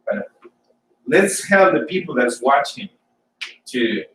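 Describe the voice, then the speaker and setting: A man from Colombia, giving an informal sermon and personal testimony for a church service, halting and often repeating words as he tells his story. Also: on the high side, very animated, roomy sound, recorded from a distance, noisy background. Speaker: church speaker.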